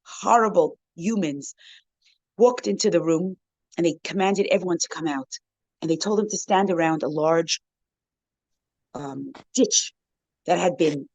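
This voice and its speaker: A woman guest speaker telling a heartfelt story to a women's circle, acting out the voices she quotes and growing softer and more moved toward the end. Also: on the low side, dry recording, poor audio. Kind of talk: emotional storytelling talk.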